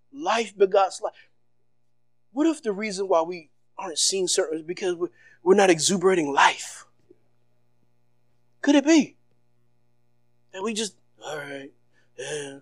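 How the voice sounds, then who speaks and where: A male pastor delivers a sermon in a high, bright-pitched voice, moving from loud, energetic bursts to hushed, low passages. His talk is casual and full of slang and repeated phrases. The sound is dry and close, with little room in it. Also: dry recording. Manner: loud, animated preaching that swings between shouts and soft, low passages.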